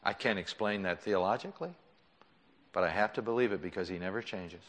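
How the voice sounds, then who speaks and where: A male pastor preaching an impassioned sermon in a church, swinging between loud pleading and hushed, soft tones. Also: on the low side, brisk. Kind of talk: sermon with altar call. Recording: long church reverb.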